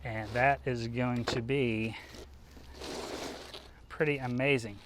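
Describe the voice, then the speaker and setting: A man's voice: mid-range voice, steady tone, slow, noisy background. Chatty man demonstrating outdoor cooking. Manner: casual, chatty, upbeat, many fillers.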